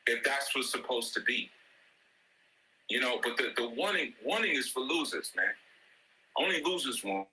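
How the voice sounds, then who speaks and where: A man's voice: bright, forceful tone, slight background noise, low-quality recording. A middle-aged man giving a casual motivational talk, slangy and joking, laughing often and repeating "you know what I'm saying.". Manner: slangy, joking, mocks with high-pitched quoted voices. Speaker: ministry speaker. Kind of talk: casual motivational talk in an audio chat room.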